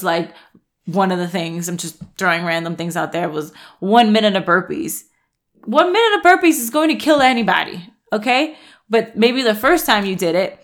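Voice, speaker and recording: A woman's voice: medium pitch, a bit bright. Frank, chatty woman coach. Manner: chatty, frank, laughs and swears, many restarts. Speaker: happiness and nutrition coach. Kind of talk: casual motivational talk.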